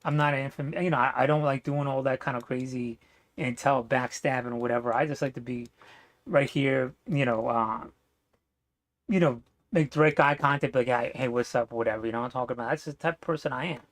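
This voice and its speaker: A man's voice: mid-range voice, dry recording. Rambling blunt man with fillers. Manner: rambling, blunt, swears often, many fillers. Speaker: vlogger. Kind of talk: casual opinion monologue.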